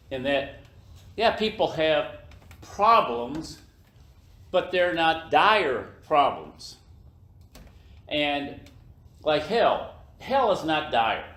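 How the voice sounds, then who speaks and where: An older man speaks slowly and with weight, leaning hard on key words as he rallies a room of coworkers. His voice sits a little high for a man. The sound bounces around an echoey office room. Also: fairly bright tone. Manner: slow, emphatic, acts out skits in other voices. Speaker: business leader speaking to his team. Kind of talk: motivational talk to a room.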